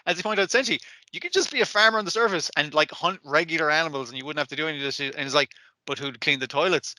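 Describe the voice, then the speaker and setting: A man's voice: fairly high pitch, rapid-fire, pushed and bright, no room sound. A man co-hosting an anime podcast in casual, profane chat, acting out characters' lines as he recaps. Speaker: podcast co-host.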